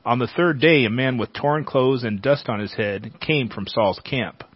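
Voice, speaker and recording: Man, scripture reading, measured delivery, dry close sound, muffled lo-fi audio. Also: medium pitch, husky, no echo. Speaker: Bible teacher.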